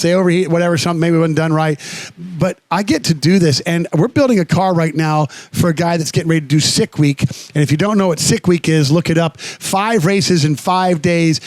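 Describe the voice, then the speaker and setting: Male radio co-host, casual, earnest and rambling, blunt when he swears, fairly high voice, dead-dry studio sound. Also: dry recording.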